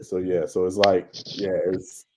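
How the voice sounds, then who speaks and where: A man co-hosting a sports podcast, explaining baseball in a measured, casual way. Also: low voice, little pitch movement, noisy background. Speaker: podcast co-host.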